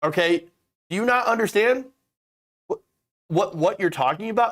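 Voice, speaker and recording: A man's voice: high voice, animated, moderate pace, fairly bright tone. Profane, exasperated male political host. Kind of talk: ranting political commentary.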